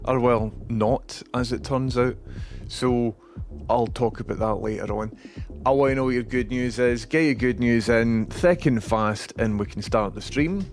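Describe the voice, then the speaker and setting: A man's voice: mid-range voice, measured pace, faint music behind. A Scottish man hosting a live stream, chatting casually with viewers, with dry asides and some swearing.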